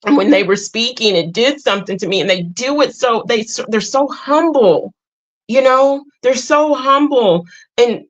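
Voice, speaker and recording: Woman hosting a live chat, telling her own story, stops and restarts a lot, kinda muffled lo-fi sound. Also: fairly high pitch. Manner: halting, repeats and restarts phrases. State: tearful at times. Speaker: host. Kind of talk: emotional personal sharing in a live group talk.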